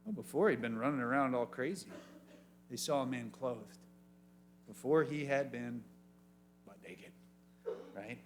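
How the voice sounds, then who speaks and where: A youth pastor telling a story with lots of energy and funny voices, and asking the room questions. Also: male voice, mid-range voice, moderate pace, long pauses, a little hiss or hum. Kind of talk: youth sermon.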